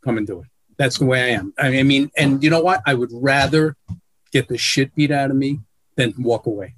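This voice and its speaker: On a video call, a sportswriter sits in as an interview guest and spins casual stories full of bluntness, profanity, and self-mockery. He speaks at a moderate pace in a mid-range, somewhat bright voice, recorded dry.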